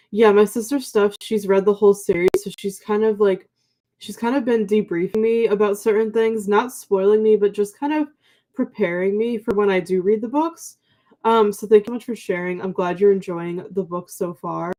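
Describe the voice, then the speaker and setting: A woman's voice: mid-range voice, steady tone, normal speed, dark tone. A young woman co-hosting a book livestream, chatting casually in a sleepy morning voice and reading out viewer comments with many ums and likes.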